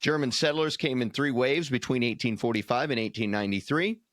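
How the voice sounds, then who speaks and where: Male podcast co-host, mid-pitched, easygoing and joking, dry close mic. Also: fairly quick, dry recording. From United States. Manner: easygoing, joking, with many uhs. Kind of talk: casual podcast chat.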